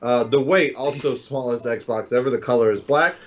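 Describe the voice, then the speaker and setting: A man's voice: medium pitch, normal speed. Man, casual gaming podcast co-host, joking and laughing, slightly muffled audio. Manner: chatty, jokey, laughs often.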